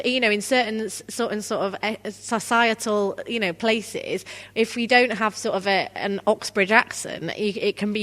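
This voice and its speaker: A woman's voice: mid-range voice, fairly bright tone. Woman leading a workshop, chatty, asks the crowd stuff, echoey conference hall. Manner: chatty, engages the audience directly. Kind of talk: conversational workshop talk.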